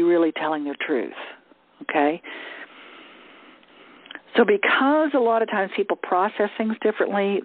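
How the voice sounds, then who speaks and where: Woman coaching on a call, kinda low voice, tinny phone sound, no room echo at all. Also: husky. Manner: conversational, checks in with "okay?". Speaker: communication coach. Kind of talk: teaching on a group call. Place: lives in the southern US.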